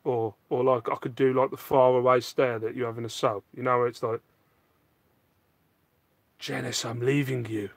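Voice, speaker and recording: A man's voice: mid-range voice, little pitch movement, fairly quick, few pauses, no echo. Jokey man chatting live. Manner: jokey, self-mocking, reads out comments. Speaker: live stream host answering viewer questions. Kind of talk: casual chat. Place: home loft.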